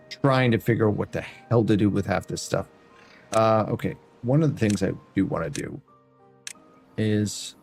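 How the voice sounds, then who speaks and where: A man's voice: lowish voice, creaky, a little mellow. A man streaming a building game, chatting casually and talking to viewers by name as he plays. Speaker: variety streamer. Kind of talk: casual gameplay commentary.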